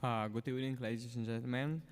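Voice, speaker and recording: Man, halting prepared testimony, long hall reverb. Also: mid-range voice, fairly even intonation, slight background noise. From former Soviet country. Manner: halting, frequent uh fillers, non-native grammar. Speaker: public testimony speaker, civic activist. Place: large city hall hearing room.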